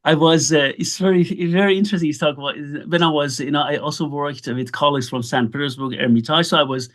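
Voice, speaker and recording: Higher-voiced man telling an animated story. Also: quick pace. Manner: storytelling, animated and laughing easily. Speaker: interviewer. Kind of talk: casual conversational interview.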